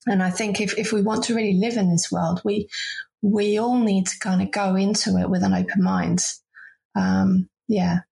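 A woman's voice: mid-range voice, steady tone, moderate pace, gravelly, mellow. A woman voice and leadership coach explaining her views earnestly in an interview, often restarting her phrases. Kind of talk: interview conversation.

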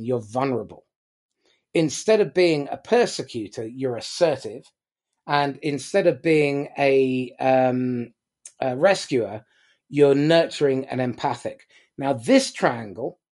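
A man giving a blunt, animated motivational talk to a business audience, swearing casually as he goes. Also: medium pitch. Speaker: business speaker.

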